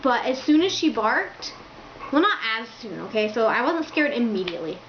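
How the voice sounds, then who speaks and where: A woman's voice: a little high, sing-song, normal speed, slight background noise. A young woman telling a rambling storytime to her camera, packed with fillers like "like" and "um". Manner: rambling, filler-heavy, lots of "like". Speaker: vlogger. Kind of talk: casual storytime. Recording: echoey, slightly dull home recording.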